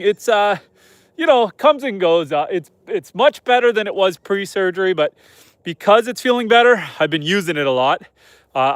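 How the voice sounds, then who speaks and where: A young homesteader with a slightly high, fairly bright voice hosts a night-time farm livestream outdoors. He chats casually, talks to his animals and reads viewer comments aloud, with no room sound on the recording.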